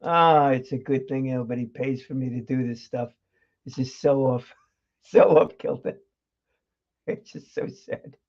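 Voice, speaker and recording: The man hosting this casual livestream has a medium-pitched, slightly mellow voice, a steady tone and a moderate pace. He's chatty and rambling, laughs often and leans on fillers and restarts, all through dull lo-fi audio.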